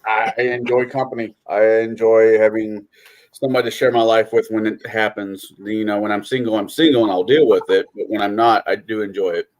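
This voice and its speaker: A man's voice: fairly low pitch, fairly even intonation, brisk. A man speaking earnestly and a little self-deprecatingly in a casual chat.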